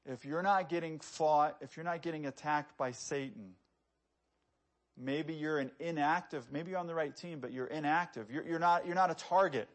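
A man's voice: a little high, moderate pace. A man preaching a sermon, talking to the congregation in a conversational way, asking rhetorical questions and reading scripture with rising emphasis.

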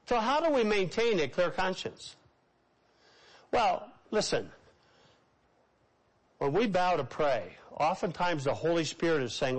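A man preaching a sermon as a pastor, swinging between raised exclamations and hushed, slow phrases, and leading his congregation to repeat lines after him. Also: high-pitched, expressive, low-quality recording.

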